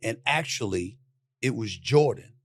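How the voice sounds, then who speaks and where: A loud, passionate middle-aged man on a casual interview show. He talks like a sports commentator who hammers every point home and acts out old exchanges as he tells them. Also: medium pitch, expressive, measured pace, gravelly.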